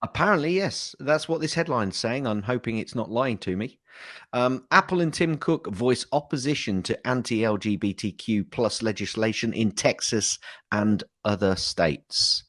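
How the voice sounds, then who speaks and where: A man's voice: medium pitch, normal speed, fairly bright tone. A man co-hosting a podcast in casual chat, chatty and laughing often, with frequent stumbles and restarts. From United Kingdom. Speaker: co-host.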